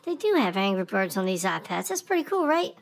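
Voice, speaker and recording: A man voicing a squeaky, excitable male sideline figure with a shrill, goofy, chatty voice. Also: brisk, creaky, full character voice. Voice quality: shrill, high and lively.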